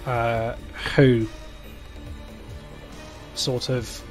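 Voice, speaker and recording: A man's voice: mid-range voice, little pitch movement, soft background music. A man narrating a tabletop role-playing game as game master, stopping and restarting often. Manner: halting narration with many fillers and restarts.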